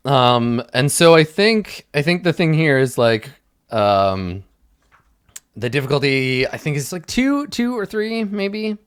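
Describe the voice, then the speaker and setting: A man's voice: a little high, sing-song, slow pace, smooth. A man narrating a tabletop game as game master, rambling and hesitant, full of fillers.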